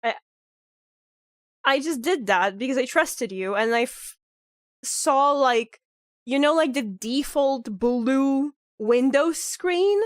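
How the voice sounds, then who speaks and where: A fairly high-voiced woman chats with her stream while playing, her voice nasal and stuffed up from being sick. She rambles in an animated way, leaning on fillers. The sound is dry, with no room around it. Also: slow pace, no echo. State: sick, nasal with a clogged nose. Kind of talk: casual live-stream chat.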